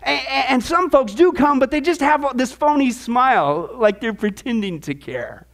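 A man teaching a discipleship class, telling stories in an animated way and asking the class rhetorical questions, with humorous asides. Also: very high-pitched, normal speed.

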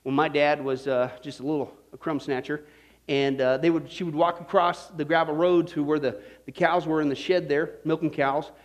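A man from Kansas with a notably high voice delivers a Bible-study sermon through homespun stories. He talks in an animated, folksy way, keeps tossing "okay?" and "right?" to the congregation, and chuckles at his own tales. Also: normal speed. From Kansas, United States. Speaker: preacher teaching a Bible study. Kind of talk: storytelling sermon to a live audience.

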